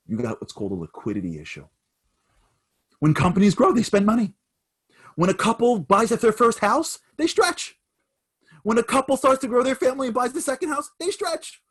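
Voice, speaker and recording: A man's voice: sits low, fast talker, darkish tone, breathy edge. A man voicing an older male billionaire investor who moves from reassurance to insistent lecturing. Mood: emphatic.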